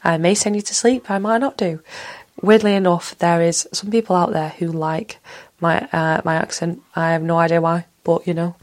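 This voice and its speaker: A Mancunian woman in her thirties hosts her own podcast, talking in a fairly low voice. She rambles from one tangent to the next and speaks frankly, with the odd casual swear word. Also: little pitch movement, moderate pace, a little mellow. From Manchester, England. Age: 30s. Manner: rambling, drifts from one story to another. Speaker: podcast host. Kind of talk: casual solo podcast chat.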